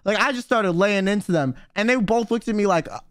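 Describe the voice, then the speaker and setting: Man, high pitched, dry close sound, casual storytelling, slangy and profane, animated. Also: a little fast, clean tone, no echo. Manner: swears freely, slangy, acts out quotes. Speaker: streamer guest telling a story.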